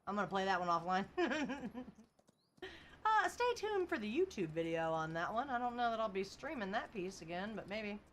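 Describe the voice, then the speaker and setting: A woman's voice: mid-range voice, big pitch swings, normal speed, fairly bright tone, slight background noise. A young woman chatting casually on a livestream, laughing often and reading chat aloud. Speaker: streamer.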